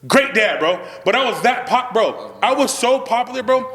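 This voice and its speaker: A man's voice: extremely high pitch, lively intonation, normal speed, bright, forceful tone, in a large hall. A young man hosting a casual chat, telling a boastful, profane, slang-heavy story. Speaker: podcast host telling a story.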